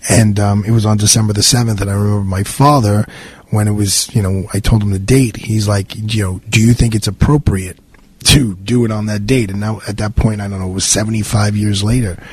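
Raspy New York radio host. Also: male voice, fairly low pitch, fairly even intonation, darkish tone, dry recording. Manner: rambling, halting, many fillers and restarts. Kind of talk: casual radio monologue. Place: radio studio.

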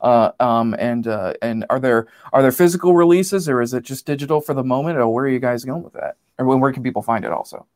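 An interview host asks the questions. The delivery is halting, full of fillers and restarts. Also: mid-range voice, darkish tone.

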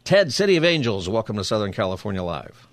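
A man's voice: lowish voice, big pitch swings, fast, dry recording. A male radio talk show host in a studio, chatting with callers and preaching in a conversational, upbeat way. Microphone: studio mic.

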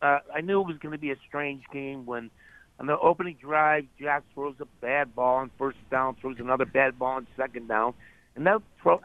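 A man's voice: medium pitch, moderate pace, no room sound. A man calling into a sports radio show, complaining about the game in a sarcastic, heated way. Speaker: caller. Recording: phone line.

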